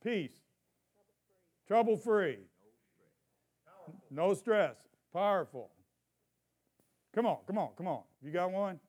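Preaching in church, this male pastor has a high-pitched, expressive voice with a darkish tone. He engages the congregation in call-and-response and stretches scripture readings out emphatically.

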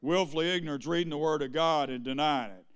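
A man's voice: a little high, fast talker, clean tone. A male pastor preaching a sermon, throwing questions at the congregation and asking them to answer.

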